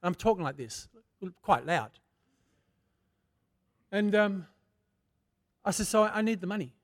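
An older man preaching a sermon, moving from prayer into a personal testimony told in a fervent, conversational way that swells to loud bursts. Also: high-pitched, expressive, a little slow. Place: church.

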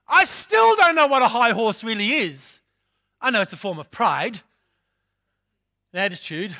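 An older man from England delivering a sermon in a strikingly high voice with a bright, ringing tone. He builds his points by repeating key phrases and drifts easily into personal stories. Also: very animated, unhurried, long pauses. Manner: storytelling, repeats phrases for emphasis. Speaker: preacher.

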